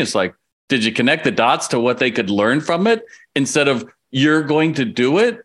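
A man's voice: mid-range voice, expressive, a little fast, fairly bright tone. A man in his sixties, hosting an interview in a conversational, reflective way, now and then cutting in. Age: 60s. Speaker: interview host. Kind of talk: casual interview chat.

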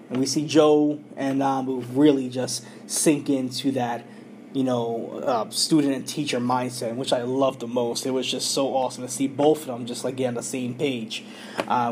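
A man's voice: mid-range voice, darkish tone. Man, casual podcast host, mid-range voice, filler-heavy storytelling, faint background noise. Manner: loose, filler-heavy retelling with quoted dialogue. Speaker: podcast host recapping an anime. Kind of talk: casual episode recap.

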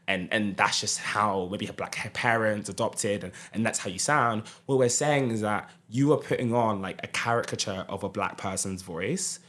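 Young southern english guy on a podcast, lowish voice, earnest, explaining things. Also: normal speed, hardly any pauses, fairly bright tone. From England. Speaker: podcast guest. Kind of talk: casual podcast discussion.

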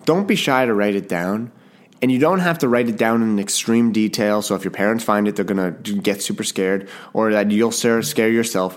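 A man from Canada hosting his own podcast in a casual solo chat, rambling and self-deprecating, often restarting his sentences and apologizing. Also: lowish voice. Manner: apologetic, jokey. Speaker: podcast host and author.

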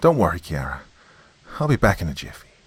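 A man doing a gruff, stubborn old uncle. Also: sits low, sing-song, fairly quick, no room sound, exaggerated voice. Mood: stern. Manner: shaken, urgent storytelling.

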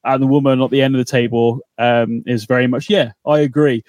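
A man co-hosting a podcast, chatting casually and excitably, swearing and laughing as he goes. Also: mid-range voice, quick pace, no room sound. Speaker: podcast co-host. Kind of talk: casual recap chat.

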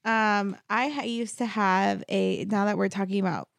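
A woman in her thirties co-hosting a podcast, telling a childhood story in relaxed casual chat with many ums. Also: medium pitch, moderate pace, vocal fry, dry recording, studio quality. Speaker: podcast co-host.

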